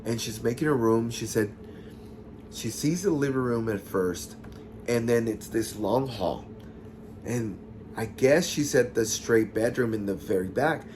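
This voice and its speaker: A man casually retelling a listener's ghost story, chatty and expressive, with sassy asides to the audience. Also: mid-range voice, a little slow, a little hiss or hum.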